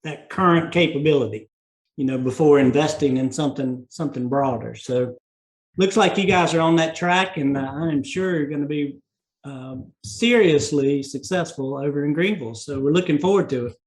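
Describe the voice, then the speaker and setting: A man with a North Carolina Southern accent hosts a business podcast. His voice sits a little high, and he rambles comfortably, filling pauses with "uh" and "you know". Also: poor audio. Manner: folksy, meandering, with many fillers. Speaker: podcast host. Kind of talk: casual interview chat.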